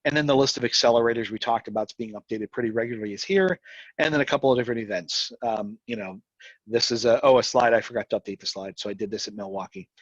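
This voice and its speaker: A man presenting a live software demo, talking fast and rambling, with frequent restarts. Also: medium pitch, no echo, highs cut off.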